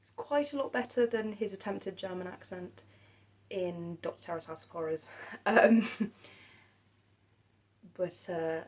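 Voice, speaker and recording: A woman chats on her own about films she loves. She speaks softly and hesitantly, stopping often and restarting her sentences. Her voice sits a little low. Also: unhurried, long pauses, rough recording. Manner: hesitant, many ums and restarts, soft-spoken. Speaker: film vlogger. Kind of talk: casual monologue about films.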